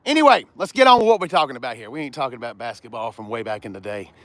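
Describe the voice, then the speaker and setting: A man with a Southern US accent talks very fast at a medium pitch, his voice swinging widely up and down. Recorded dry, he's a car vlogger rambling jokily through a casual video at a car lot and getting sidetracked.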